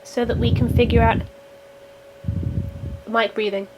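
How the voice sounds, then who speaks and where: A woman's voice: a little high, little pitch movement, a little slow, a loud crowd, rough recording. A woman playing a tabletop game, thinking aloud in a tentative way. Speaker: player. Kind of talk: casual tabletop play.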